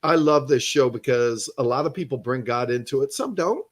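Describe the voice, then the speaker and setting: A man's voice: mid-range voice, animated, moderate pace. A man hosting a podcast interview, talking in an emphatic, encouraging, casual way. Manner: emphatic, encouraging, says "dude" a lot. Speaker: podcast host.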